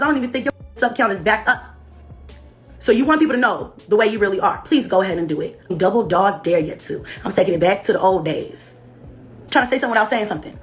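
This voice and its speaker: A woman's voice: on the high side, a bit bright. A woman on a livestream, delivering a confrontational, profane rant at a former friend.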